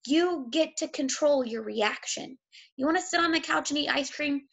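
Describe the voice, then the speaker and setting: A woman's voice: high voice, normal speed, gravelly, fairly bright tone, highs cut off. A woman, a fitness coach giving a blunt, emotional motivational talk, sick and close to tears, swearing freely.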